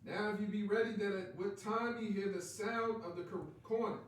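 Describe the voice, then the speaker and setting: A man's voice: high-pitched, fairly even intonation, moderate pace. A man reading King James Bible verses aloud in a class, calling out each verse number as he goes. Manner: reads steadily, announces verse numbers. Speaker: scripture reader. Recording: very echoey room, far from mic.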